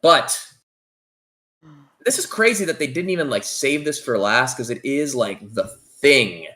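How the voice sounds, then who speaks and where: Podcast co-host, male, excitable and rambling; lively, swinging pitch. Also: a little slow. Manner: excitable, rambling, frequent restarts. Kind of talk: casual chat about toys and movies.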